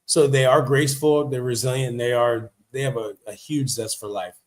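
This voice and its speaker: A man in a casual livestream monologue with a mid-pitched voice. He talks in a chatty, emphatic way, restating his points and commenting on what he reads. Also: steady tone, moderate pace. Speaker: livestream host. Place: living in Vietnam.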